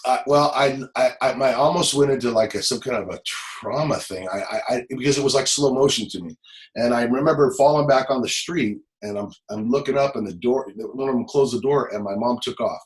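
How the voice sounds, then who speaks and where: Close to tears, a middle-aged man from Los Angeles who used to be a police officer halts and repeats words as he shares a personal story in an interview. He has a mid-range voice, recorded with poor audio.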